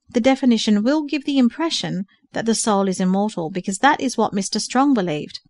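A woman's voice: mid-range voice, no echo, studio quality, lightly acted. A woman reading the part of a patient older male mentor who carefully explains study books. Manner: careful explaining, gently instructive.

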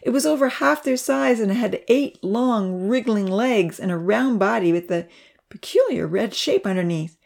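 A woman narrating a children's story aloud with an expressive, dramatic delivery. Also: medium pitch, moderate pace, creaky.

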